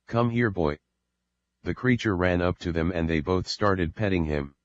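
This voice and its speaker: A man reads a novel aloud in a plain, steady way, his voice very deep. The recording is dry with no room sound and slightly muffled. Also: normal speed, dry recording. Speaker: audiobook narrator. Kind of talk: scripted narration.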